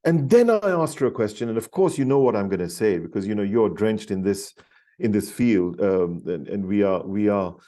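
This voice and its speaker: A middle-aged man speaks as a podcast guest, telling a story with eager, animated energy. His voice sits on the low side and sounds warm and mellow. He trips over his words and restarts often, pushing ahead in his excitement. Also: normal speed. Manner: animated, enthusiastic, many restarts. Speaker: podcast guest, leadership author. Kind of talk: storytelling in an interview.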